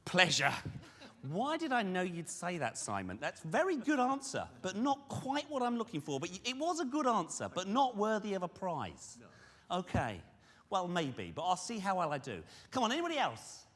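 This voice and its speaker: A man giving a lively conference presentation, questioning the audience directly. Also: high voice, moderate pace. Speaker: conference speaker on fundraising. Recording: reverberant hall.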